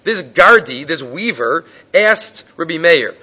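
Animated man teaching a Talmud class. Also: a little high, a little fast. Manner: animated storytelling, acting out voices in quotes. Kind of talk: Gemara class lecture. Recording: dull lo-fi recording.

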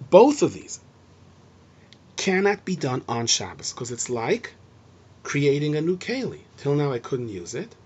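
A man explaining Mishnah to students, lively and acting out the lines he quotes. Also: on the high side, unhurried, pauses often, slightly rough. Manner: animated, acts out shouting and gentle speech. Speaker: Torah teacher. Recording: dull lo-fi recording.

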